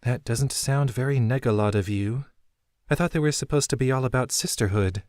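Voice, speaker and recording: A man voicing a grieving, guarded young woman who speaks quietly and tersely. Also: mid-range voice, brisk, dry recording, clean studio sound, voice pushed up, lightly acted.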